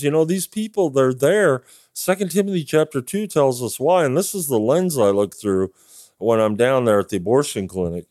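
A man's voice: mid-range voice, no echo, clean studio sound. A man who preaches on the street tells an emotional story in an interview and acts out the dialogue with earnest energy. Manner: earnest and animated, acting out quoted dialogue.

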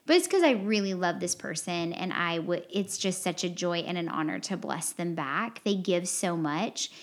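A woman's voice: fairly low pitch, lively intonation, normal speed. A woman hosting a podcast, sharing personal feelings in an earnest, rambling, heartfelt way with lots of fillers. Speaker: podcast host. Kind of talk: candid confessional podcast chat.

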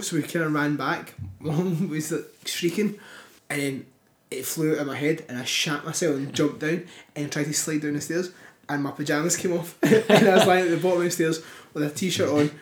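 A man, co-hosting a podcast, telling stories in an animated way with swearing and laughter. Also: fairly high pitch. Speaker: podcast co-host. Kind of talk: casual chat. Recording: echoey room.

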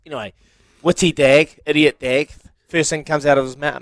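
A man with a New Zealand accent co-hosting a radio show, telling stories animatedly. His voice sits slightly high. The studio sound is dry and close. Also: normal speed, no room sound. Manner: animated storytelling, acts out quotes. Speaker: radio co-host. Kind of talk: casual banter.

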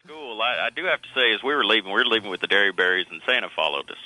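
A man's voice: fairly low pitch, lively intonation, racing, background noise. A male radio co-host telling an amused anecdote in casual banter.

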